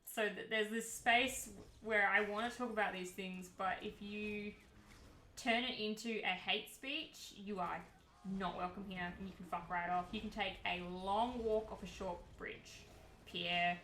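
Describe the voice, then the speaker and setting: A woman's voice: medium pitch, fairly even intonation, unhurried, bright, forceful tone, a little hiss or hum. A woman streamer chatting casually and candidly to her viewers, heated at times and swearing freely. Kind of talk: casual livestream chat. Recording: roomy echo.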